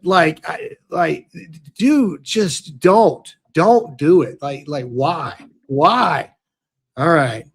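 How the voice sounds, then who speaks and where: Brash ranting man, high voice. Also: lively intonation, takes it slowly, gravelly, a bit bright, husky. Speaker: podcast host. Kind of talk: casual commentary with ad read.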